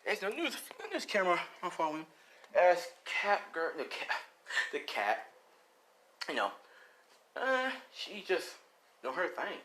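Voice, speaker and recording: A young man improvising a fan-made story, rambling through it with constant "you know" and "like". His pitch swings in a lively way and his tone is bright and forward. A faint hiss sits behind him. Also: measured pace, pauses often.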